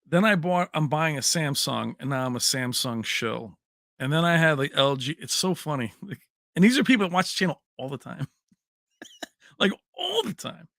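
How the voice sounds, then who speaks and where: A man hosts a casual tech livestream, talking to his viewers in a chummy, animated way. His voice is bright and sits somewhat high for a man. The sound is dry and close, with no room around it. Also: normal speed, vocal fry, no room sound. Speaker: tech channel host.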